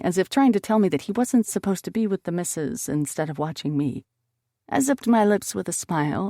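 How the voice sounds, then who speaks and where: A woman's voice: sits low, gravelly, mellow, no room sound, clean studio sound. A woman narrating a first-person romance audiobook expressively, lifting her voice on emotional lines.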